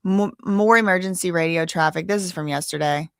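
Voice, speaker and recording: A woman's voice: on the low side, brisk, vocal fry, no room sound, studio quality. A woman hosting a live case-update stream, chatting casually with viewers in a blunt, indignant way, sometimes cursing. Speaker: host.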